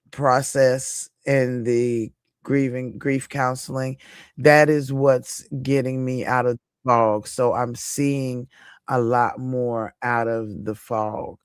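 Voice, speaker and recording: Slow-talking, emphatic woman streamer. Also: a bass voice, clear, resonant tone, dry recording, clean studio sound. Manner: chatty and emphatic, repeats points, addresses viewers by name. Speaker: livestream host reading viewer chat. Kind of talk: casual live-stream chat.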